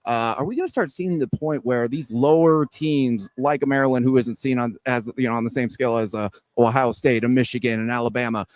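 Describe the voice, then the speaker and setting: A man's voice: medium pitch, brisk, hardly any pauses, no echo. A man co-hosting a sports talk radio show, rambling through his points with many restarts. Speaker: radio co-host. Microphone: studio mic.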